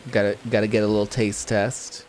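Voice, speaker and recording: A man's voice: lowish voice, flat delivery, brisk, a little mellow, a little hiss or hum. A man streaming a video game, reacting aloud and reading the on-screen text messages, audibly moved with sighs and half-laughs. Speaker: gaming streamer. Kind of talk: let's play commentary.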